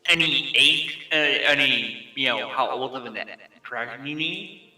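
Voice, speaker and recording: Man, player, very bright tone, hesitant, echoey room, faint music. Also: medium pitch, unhurried. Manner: hesitant questions with fillers. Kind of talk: tabletop game play. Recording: roomy sound, distant mic, faint music.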